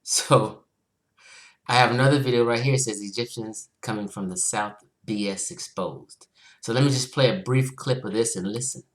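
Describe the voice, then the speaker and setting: A woman hosting her channel, commenting on clips she plays in an animated, combative way. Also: extremely low pitch, moderate pace. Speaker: channel host. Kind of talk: commentary over played clips.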